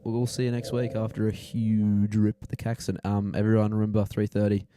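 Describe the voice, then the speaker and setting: A man's voice: fairly low pitch, level tone, brisk, dark tone. A young man co-hosting a casual podcast, giving mock-motivational speeches and echoing his co-host. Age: young adult.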